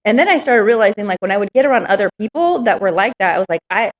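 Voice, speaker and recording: A woman's voice: mid-range voice, expressive, racing, low-quality recording. A woman business owner telling candid stories in an interview, frank and reflective with many fillers.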